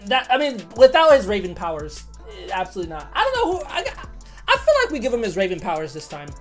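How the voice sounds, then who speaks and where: A woman streaming a game, chatting casually, excitable, swearing and laughing often. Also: mid-range voice, quick pace, soft background music. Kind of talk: casual gaming commentary.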